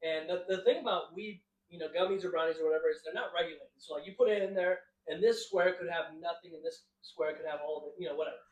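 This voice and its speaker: A man's voice: a little high, steady tone, quick pace, few pauses, roomy sound, poor audio. A young man co-hosting a podcast, telling stories in a casual, rambling way, often laughing and acting out what people said. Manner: rambling, laughing, acts out quotes. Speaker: podcast co-host. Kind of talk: casual storytelling.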